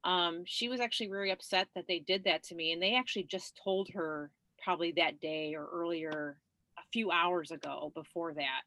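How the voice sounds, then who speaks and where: Bright-voiced woman telling her story. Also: lowish voice, moderate pace, dry recording. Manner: chatty, laughs often, many fillers. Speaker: guest. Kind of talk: conversational storytelling.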